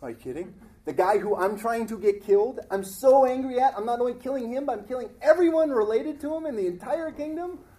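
A man's voice: on the high side, lively intonation, normal speed, warm tone, close to an everyday voice. A man voicing an indignant, scheming male royal official while retelling a story in a sermon. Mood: outraged. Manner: outraged, incredulous.

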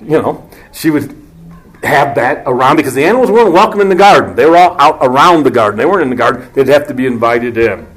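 A man's voice: mid-range voice, lively intonation, fast, fairly bright tone, breathy edge. A man giving a conversational, joking Bible teaching with asides.

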